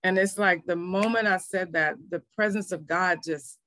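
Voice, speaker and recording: A woman's voice: lowish voice, moderate pace, a bit bright, dry recording. A middle-aged woman pastor, telling her faith story in an earnest, emotional way. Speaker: pastor and minister. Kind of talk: testimony in a faith interview.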